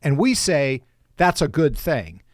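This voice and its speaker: A man hosts a political talk podcast, his voice sitting a little high for a man. He talks briskly and conversationally and slips in joking asides. The sound is dry and close, with no room echo. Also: sing-song. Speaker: podcast host.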